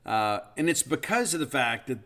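A man's voice: mid-range voice, sing-song, normal speed, bright, forceful tone. A man in his fifties hosting a podcast, telling a rambling, self-deprecating story full of fillers. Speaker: podcast host. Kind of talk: casual storytelling monologue.

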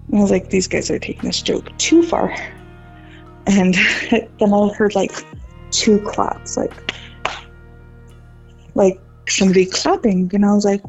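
A woman telling a ghost story on a podcast, chatty and animated, leaning on "like" as she goes. Her voice is gravelly and husky with a dark, mellow tone. The recording sounds dull and lo-fi. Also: medium pitch, moderate pace, soft background music. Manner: animated storyteller with many "like" fillers, mimics voices. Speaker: podcast guest.

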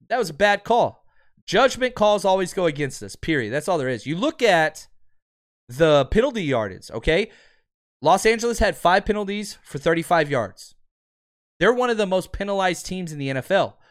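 A man hosting a sports podcast, giving emphatic, ranting fan commentary and answering listeners. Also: sits high.

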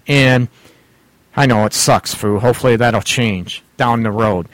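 A middle-aged man hosts a casual, radio-style talk show about relationships, rambling and laughing often. His medium-pitched voice is a little slow and a bit bright, with no room sound.

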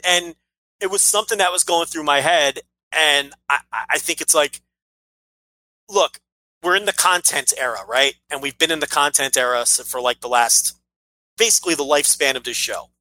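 A man's voice: fairly high pitch, normal speed, bright, forceful tone, poor audio. A man co-hosting a casual wrestling podcast, rambling and blunt, swearing freely. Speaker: podcast co-host.

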